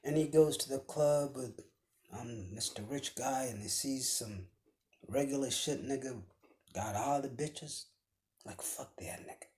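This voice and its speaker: A man speaks in a motivational, preaching cadence, lingering on each phrase at an unhurried pace. His voice sits at an ordinary middle pitch. He repeats key words and often drops to a hushed whisper for emphasis. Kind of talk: motivational speech.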